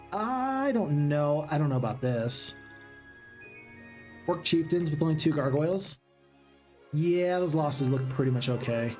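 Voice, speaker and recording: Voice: mid-range voice, a little mellow. A gaming channel host giving upbeat, casual let's-play commentary and chatting with viewers.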